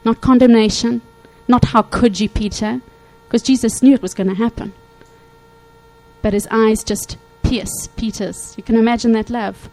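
A woman preaching a sermon to her congregation, animated, acting out Bible quotes and checking in often with her listeners. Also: a little high, normal speed, soft background music, rough recording. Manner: animated, acts out quotes, frequent "okay?" check-ins.

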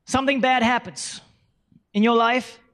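A man with a very high voice preaches a sermon with emphasis. He repeats his key phrases and calls on the congregation to say lines back to him, building each point step by step. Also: steady tone, moderate pace, a bit bright. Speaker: pastor.

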